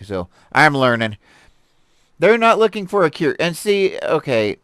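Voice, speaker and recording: A man hosting a stream and reading articles aloud, rambling and animated, with many fillers, restarts and laughs. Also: a little high, unhurried, clean tone, no echo, studio quality. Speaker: host reviewing articles. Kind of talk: casual commentary on a live stream. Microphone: desk mic with a stream deck.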